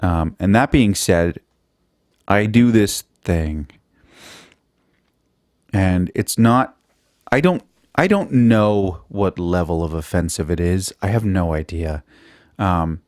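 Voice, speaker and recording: A man hosts his own podcast, delivering a rambling, profane, self-mocking comedic monologue. His voice sits low and a little mellow, in clean studio sound with no echo.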